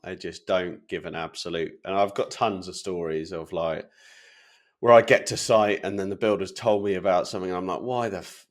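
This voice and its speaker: Deep-voiced English podcast co-host. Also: male voice. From England. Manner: rambling anecdotes with many fillers. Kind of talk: casual chat.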